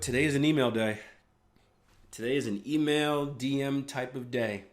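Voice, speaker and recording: A man's voice: medium pitch, animated, normal speed. A man hosting a live trading room, analyzing charts in a casual, chatty way with rambling asides.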